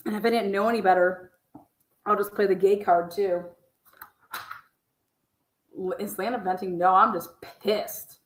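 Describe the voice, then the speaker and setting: A woman's voice: mid-range voice, steady tone, normal speed, pauses often, a little mellow, echoey room, rough recording. A woman giving blunt, angry, profanity-heavy commentary on a livestream, swearing constantly as she rants.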